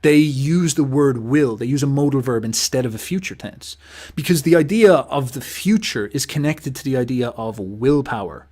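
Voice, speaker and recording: A man talks through philosophy and language in an unscripted, emphatic monologue. His delivery is animated and punchy, with casual swearing, and he slips into mocking impressions of other people. His voice sits at an ordinary middle pitch for a man. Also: normal speed. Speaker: host.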